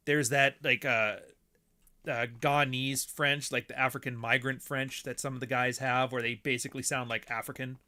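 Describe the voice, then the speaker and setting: A man's voice: mid-range voice, fairly even intonation, moderate pace, bright, forceful tone. A man streaming a block-building game, chatting casually with friends and rambling with plenty of swearing. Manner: rambling, profane, laughs often. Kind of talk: casual chat while playing a game.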